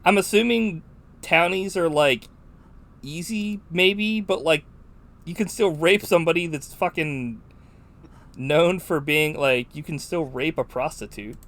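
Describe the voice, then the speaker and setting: A man's voice: a little high, measured pace, fairly bright tone. Rambling, swearing male podcast host. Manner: rambling, profane, full of "like". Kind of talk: casual film chat.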